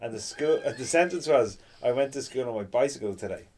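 A man chatting casually on a podcast and telling animated stories. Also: medium pitch, fairly quick. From Ireland. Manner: animated storyteller, puts on voices for others. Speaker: podcast co-host. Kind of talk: casual chat.

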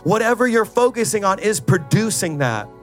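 A man's voice: high-pitched, sing-song, normal speed, soft background music. A middle-aged male pastor preaching a sermon, rising into fervent, sing-song prayer and exhorting the congregation with repeated calls.

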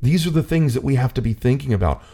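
A man's voice: medium pitch, expressive, quick pace, warm tone. A man talking earnestly about faith in a casual discussion, full of "like" fillers, building to a preachy intensity.

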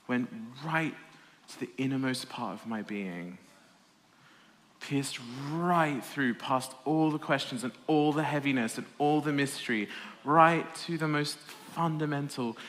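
A man giving a personal testimony talk to an audience in a hall, animated and laughing often, with a self-deprecating humour. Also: medium pitch, unhurried. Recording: reverberant hall.

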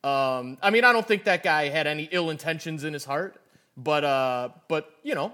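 Animated, lively-pitched male podcast co-host. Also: normal speed. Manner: animated, restarts often, laughs easily. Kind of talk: casual chat.

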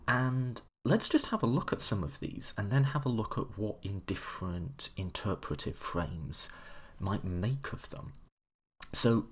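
A man with a low, husky voice talks through history like a relaxed lecture. His delivery is chatty and eager, with a lively rise and fall and a gravelly edge. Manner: chatty and enthusiastic, with fillers and self-corrections. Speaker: history presenter. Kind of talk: casual lecture-style explanation.

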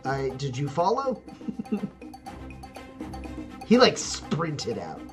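Slow, laughing tabletop game master. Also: medium pitch, huge pitch swings, over music. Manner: rambling, filler-heavy narration with frequent laughs.

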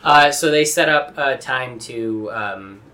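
A man's voice: medium pitch, takes it slowly. A man casually discussing a movie scene with friends, acting out characters' lines as he goes. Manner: animated, acts out characters' lines. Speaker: podcast co-host.

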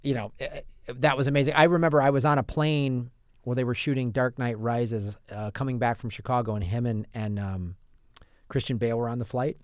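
In clean studio sound with no echo, a male podcast co-host chats casually about films, his medium-pitched voice steady, a little fast, and a little mellow. His stories ramble and restart many times.

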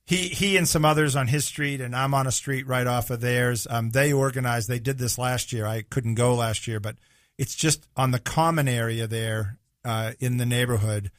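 A man's voice: medium pitch, moderate pace, dry recording, clean studio sound. A man hosting a casual faith conversation, affirming his guest and talking with frequent fillers.

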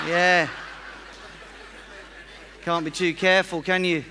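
A man's voice: on the high side, flat delivery, takes it slowly, pauses often, noisy background. A man preaching a sermon in a church, chatty and self-deprecating, acting out little everyday scenes.

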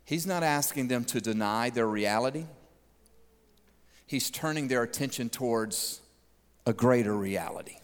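A man's voice: mid-range voice, measured pace, pauses often, clean tone. A man preaching a sermon, joking and acting out voices as he talks. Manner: animated, joking, acts out voices. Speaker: pastor. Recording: long hall reverb.

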